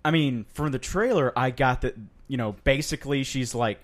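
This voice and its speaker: A man's voice: mid-range voice, moderate pace. A man co-hosting a podcast in casual chat, wry and asking skeptical questions. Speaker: podcast co-host.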